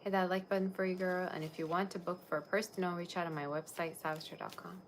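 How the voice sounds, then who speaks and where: A woman's voice: lowish voice, steady tone, fast talker, a little hiss or hum. A woman tarot reader chatting casually on a livestream, rambling and talking straight to her viewers.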